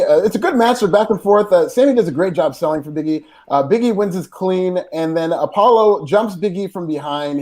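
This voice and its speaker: A man's voice: a little high, mellow. A man co-hosting a wrestling podcast, giving enthusiastic, opinionated match recaps in casual chat. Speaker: podcast co-host.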